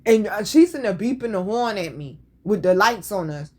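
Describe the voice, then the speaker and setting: A woman's voice: medium pitch, lively intonation, normal speed. A woman hosting a casual show, telling stories in a blunt, profane, sassy way. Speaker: podcast host. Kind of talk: casual storytelling chat.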